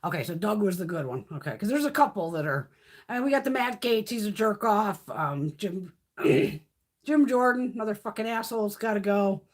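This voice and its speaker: Husky woman ranting bluntly. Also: mid-range voice, expressive, moderate pace. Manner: blunt, profane, heated ranting. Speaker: beauty livestream host. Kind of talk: casual live-stream chat.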